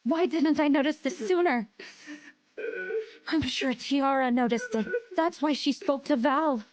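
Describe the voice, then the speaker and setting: A woman voicing a calm, compassionate young queen in an anime dub, speaking gently and earnestly. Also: sits high, unhurried, a little hiss or hum. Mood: solemn. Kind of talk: English anime dub acting.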